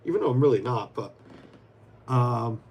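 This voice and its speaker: A man's voice: medium pitch, expressive, normal speed, muffled recording, slight background noise. Rambling man chatting on a live stream. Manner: rambling, many restarts, answers viewers by name; mutters to himself while fiddling with pieces. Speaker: livestreamer. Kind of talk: casual live-stream chat while building.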